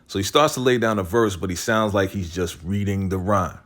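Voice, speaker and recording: A man's voice: brisk, a bit bright. A man casually recapping a TV episode, using slang, saying "right?" a lot and acting out the characters' lines. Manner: retells scenes, quoting characters in a lowered voice; slangy, repeats "right?" and "you know". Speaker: TV recap host.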